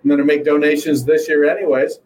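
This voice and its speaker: A man's voice: fairly high pitch, fairly even intonation, fast, a little mellow, rough recording. A middle-aged man telling a long story in casual chat, rambling with fillers and restarts. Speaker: guest.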